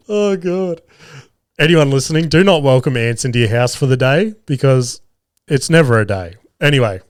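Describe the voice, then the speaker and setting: A man in his thirties with an Australian accent, hosting a podcast and telling everyday stories in a casual, animated way, swearing freely and laughing at himself. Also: mid-range voice, clean tone, no room sound, studio quality. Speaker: podcast host. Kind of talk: casual storytelling monologue.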